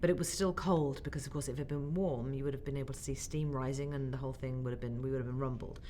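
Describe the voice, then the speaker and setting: An English actress in her forties chatting in an interview, telling stories with animated acted-out quotes. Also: very deep voice, fast. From England. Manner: animated storyteller, acts out quotes. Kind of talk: casual interview chat. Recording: faint background noise.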